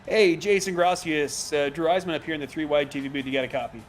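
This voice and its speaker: Quick-talking high-voiced male race caller. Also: faint music behind. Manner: quick, chatty, laughs easily. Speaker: sim racing commentator. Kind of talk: play-by-play commentary.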